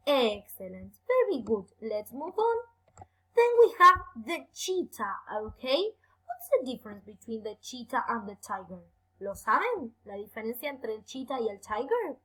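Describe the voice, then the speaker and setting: Young woman teacher, high and bright, bouncy intonation; encouraging, stretches out key words for kids. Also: rough recording. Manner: lively, encouraging, slow careful emphasis on words. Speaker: English teacher. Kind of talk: bilingual online lesson for children.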